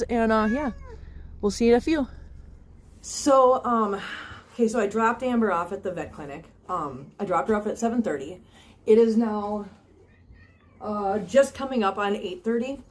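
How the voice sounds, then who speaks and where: A woman's voice: fairly high pitch, moderate pace. A woman vlogging casually to her viewers on a phone camera. She talks in an earnest, chatty way, with many ums and restarts. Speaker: cat channel vlogger. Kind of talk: casual vlog talk to viewers.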